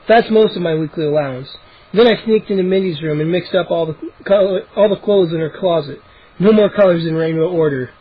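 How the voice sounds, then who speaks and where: His voice is high with a breathy edge as this audiobook reader narrates a children's storybook he hasn't rehearsed. Occasional slips and restarts come through in the dull, lo-fi home recording.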